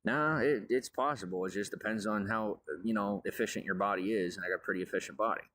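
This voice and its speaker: A man's voice: fairly low pitch, quick pace, a bit bright, a little hiss or hum. A man giving a grandiose, meandering monologue about his life and advice. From raised on a farm. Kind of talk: rambling monologue.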